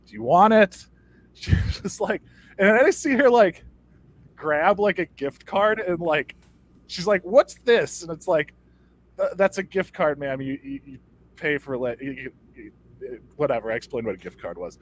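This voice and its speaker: Young man, high-pitched voice, comedy podcast co-host, rambling, stammering storyteller. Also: lively intonation, moderate pace. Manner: rambling, stammering storyteller who mimics customers.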